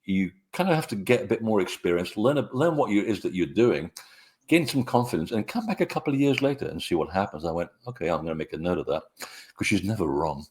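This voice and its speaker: A middle-aged man, a guest author, telling anecdotes in a relaxed, rambling way with many hesitations. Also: fairly low pitch, fast talker. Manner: rambling, hesitant with frequent fillers. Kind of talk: conversational storytelling interview.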